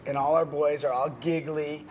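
A man's voice: fairly high pitch, flat delivery, normal speed, darkish tone. Playful teasing male host. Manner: teasing, playful, acts out quotes. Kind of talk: casual chat. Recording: noisy background ambience.

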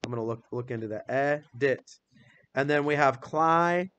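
A man's voice: medium pitch, normal speed, a bit bright, a little hiss or hum. A male teacher leading a classroom phonics lesson, patiently spelling words out letter by letter and quizzing students by name.

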